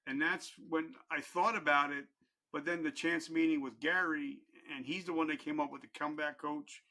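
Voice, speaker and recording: A man's voice: on the high side, fairly even intonation, normal speed, bright, forceful tone. A middle-aged man telling his personal story as a podcast guest, candid and earnest, with blunt, casual language.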